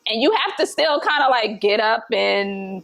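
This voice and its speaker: A woman's voice: on the high side, expressive, a little slow, gravelly, a bit bright. A woman hosting a casual conversation, speaking reflectively and searching for words. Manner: reflective, searching, many fillers. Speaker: host.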